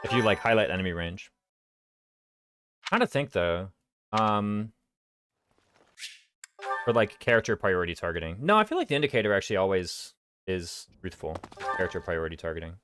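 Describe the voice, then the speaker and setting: A man's voice: low-pitched, very animated, normal speed, pauses often, fairly bright tone. A man with a Southern US accent who drops his consonants, rambling and thinking aloud as he plays. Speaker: streamer playing a strategy game. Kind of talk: casual gameplay commentary. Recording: game music playing underneath. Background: game music.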